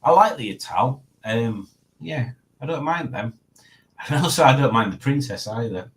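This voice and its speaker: A man's voice: mid-range voice, animated, normal speed, rough recording. A man talks casually on a live stream. He reads viewer comments aloud and chuckles often between remarks. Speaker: livestream host.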